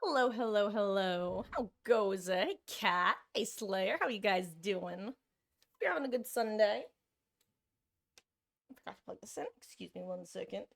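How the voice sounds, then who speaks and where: A woman's voice: mid-range voice, expressive, measured pace, creaky. A woman streamer chatting casually and rambling to her live chat, self-deprecating, with lots of fillers. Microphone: desk mic, monitoring own audio.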